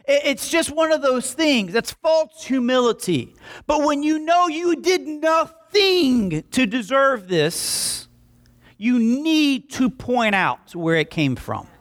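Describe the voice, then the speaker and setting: Animated young preacher with a twang. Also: male voice, extremely high pitch, slow. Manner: animated, jokey storytelling with acted-out quotes. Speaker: pastor. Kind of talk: sermon.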